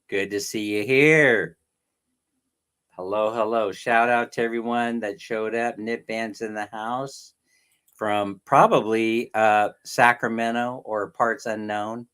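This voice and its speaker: Hosting a relaxed livestream, a middle-aged man from California greets viewers by name while rambling and laughing in his Californian accent. He speaks slowly at a medium pitch, his voice a bit bright.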